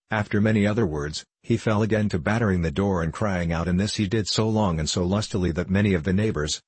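Low, husky male storyteller. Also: darkish tone, dry recording. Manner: measured, archaic storytelling. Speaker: narrator. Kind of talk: scripted narration of a classic tale.

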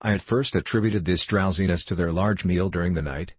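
A man reading an adventure novel aloud as first-person audiobook narration, in a measured storytelling manner. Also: deep voice, darkish tone, slightly rough, no room sound.

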